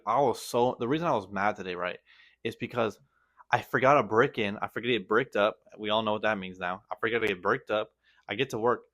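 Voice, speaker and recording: A man's voice: lowish voice, a bit bright. Rambling slangy young man vlogging. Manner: rambling, slangy, self-critical, restarts often. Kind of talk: casual vlog chat.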